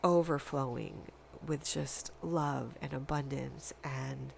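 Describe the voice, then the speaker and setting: A woman giving a spiritual tarot reading, speaking in a dreamy, halting way with long pauses. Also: extremely low pitch, vocal fry, slight background noise. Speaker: tarot reader.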